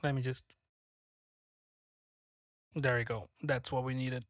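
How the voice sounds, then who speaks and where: Cranky streamer cussing and muttering while they work, mid pitch, dead dry sound. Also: fairly even intonation, slow, dry recording. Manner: frustrated, swears a lot, mutters to self. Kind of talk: casual live-stream commentary while working.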